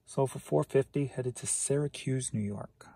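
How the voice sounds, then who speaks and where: A tired reseller vlogger from St. Louis, Missouri rambles through a casual solo vlog about his sales, teasing himself and laughing to himself. His mid-range voice moves at a normal speed, creaky and warm with a breathy edge, and there's no room sound.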